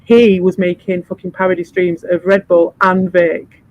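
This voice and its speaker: A man's voice: sits high, little pitch movement, normal speed, darkish tone, no echo. Man, livestream host, sarcastic sweary rant, dull lo-fi audio. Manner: sweary, sarcastic, mocks others in put-on voices.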